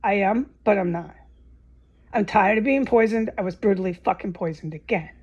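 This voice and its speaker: In this angry vlog rant, a woman swears and grows agitated, at times raising her voice almost to a shout. She has a husky mid-range voice at a normal speed, and the audio sounds dull.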